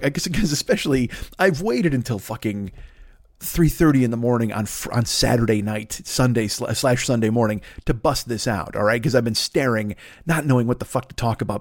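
A man in his fifties hosts a solo podcast from his home desk, rambling and cursing through a late-night rant full of restarts, fillers, and self-mockery. His mid-range voice is a little mellow, recorded without echo at studio quality on a plugged-in podcast mic.

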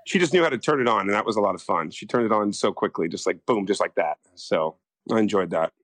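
A man's voice: on the low side, fast talker, no echo. A man from the United States, an actor telling stories in a casual interview, rambling with lots of restarts. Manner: rambling, animated, full of restarts and acted-out quotes.

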